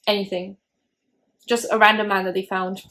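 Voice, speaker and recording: Young female vlogger, casual and opinionated, mid-pitched, talking over a film. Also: little pitch movement, normal speed, sharp tone. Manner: chatty, opinionated, lots of "like". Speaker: YouTuber host. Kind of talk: casual movie reaction commentary.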